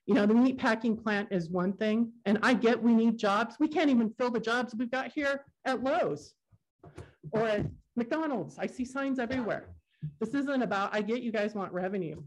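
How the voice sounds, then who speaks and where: A woman's voice: medium pitch, darkish tone. A resident woman giving unprepared, emotional public comment at a council meeting, earnest and insistent. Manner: emotional, earnest, a bit unrehearsed. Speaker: resident testifying at a public hearing.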